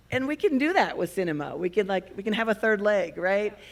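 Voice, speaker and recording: A woman filmmaker speaking on a festival panel, telling stories in an animated way and laughing as she talks. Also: mid-range voice, fairly quick. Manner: animated storyteller, laughs while talking. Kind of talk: panel discussion.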